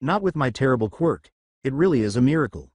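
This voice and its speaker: A man's voice: mid-range voice, lively intonation, quick pace, no echo, close to an everyday voice. A man voicing a shy, nervous teenage girl who stammers. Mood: embarrassed. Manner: timid, stammering.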